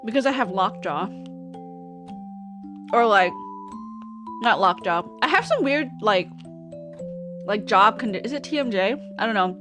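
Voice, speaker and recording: A woman's voice: mid-range voice, lively intonation, unhurried, pauses often, music in the background. A woman streamer in casual chat with her viewers, talking while she eats. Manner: chatty, talks while eating.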